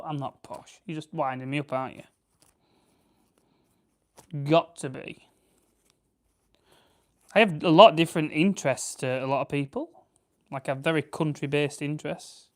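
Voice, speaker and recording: A farming channel host from Barnsley, England, speaks at a normal speed with long pauses in a slightly high voice. With his Yorkshire accent, he chats casually on a livestream while preparing game birds, wandering off topic and correcting himself as he replies to viewers.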